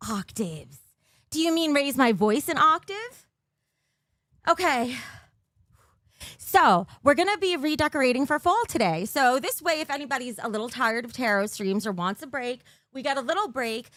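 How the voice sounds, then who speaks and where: A high-pitched woman streams live from her bedroom on a desk mic, chatting and giggling with viewers. Her voice is dry and close, with no room echo at all. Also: expressive, normal speed, a bit bright. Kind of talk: casual live-stream chat.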